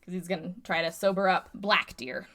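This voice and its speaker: A woman's voice: on the low side, fairly even intonation, moderate pace, a bit bright. A woman co-hosting a podcast, casually recapping a movie plot in a rambling way, full of "like" and "and stuff". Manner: rambling, filler-heavy recapping with frequent "like" and "and stuff". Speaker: podcast co-host.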